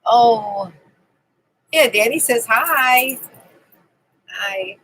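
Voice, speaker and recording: A woman's voice: a little high, lively intonation, takes it slowly, pauses often, sharp tone, husky, rough recording. A woman hosting a casual live stream from her camping trailer, chatting and greeting viewers by name. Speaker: livestream host.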